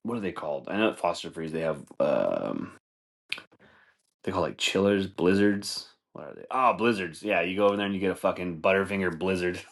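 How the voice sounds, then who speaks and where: A man's voice: low-pitched, lively intonation, a little fast, gravelly. A man hosting a podcast, telling fight stories in a casual, profane, rambling way with frequent laughter. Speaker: podcast host. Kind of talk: casual comedic commentary.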